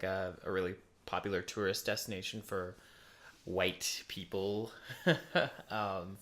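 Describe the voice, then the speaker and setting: A man co-hosting a podcast, answering his friend in a relaxed, reflective chat. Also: lowish voice. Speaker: podcast co-host. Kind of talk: casual chat.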